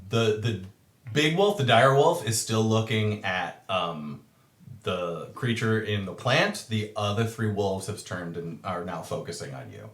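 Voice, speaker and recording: A man narrating a tabletop game as game master, halting often with ums and uhs. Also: lowish voice, animated, reverberant.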